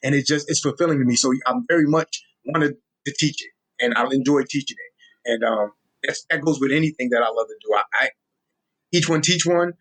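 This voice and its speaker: A man's voice: mid-range voice, a little fast. A young man with a New York accent, talking casually and with energy as an interview guest, often restarting his words. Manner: animated, street-casual, repeats and restarts words. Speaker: guest, social media Tolkien explainer.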